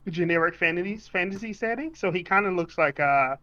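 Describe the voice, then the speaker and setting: A man's voice: high-pitched, animated, brisk, sharp tone, dull audio. A man playing a tabletop game, rambling through a character description with lots of fillers. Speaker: player.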